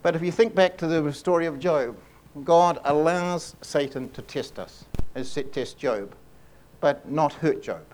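A man preaching a sermon in an earnest way, often repeating and restarting phrases and slowing down to stress key lines. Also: a little high, a little mellow, a little hiss or hum. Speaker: pastor.

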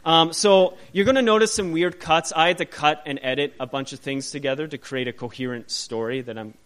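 A man teaching a Bible passage to a group in a casual, animated way, asking rhetorical questions and often restarting his sentences. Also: on the high side, fairly quick.

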